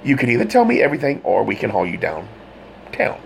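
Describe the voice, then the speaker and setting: A man's voice: medium pitch, wildly swooping pitch, brisk, gravelly, a little hiss or hum, pitched above the performer's own voice, low-quality recording. A man playing a blunt, cold cop. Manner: blunt, controlled. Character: cold, insistent male police detective.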